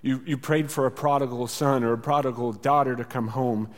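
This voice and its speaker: A man's voice: mid-range voice, fairly even intonation, brisk. A male pastor giving a conversational sermon, sometimes acting out little exchanges. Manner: conversational, with acted asides. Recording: church hall reverb.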